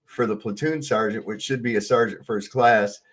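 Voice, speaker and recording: A man in casual chat, telling an army story in an animated way and acting out the voices of the people in it. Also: on the low side, normal speed. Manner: animated anecdote teller, acts out the voices he quotes.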